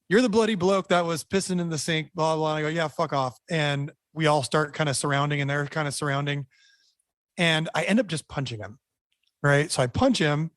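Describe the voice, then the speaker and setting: A man, a band member, telling a rowdy story in a casual, animated way, often restarting and repeating words. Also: fairly high pitch, no echo, clean studio sound.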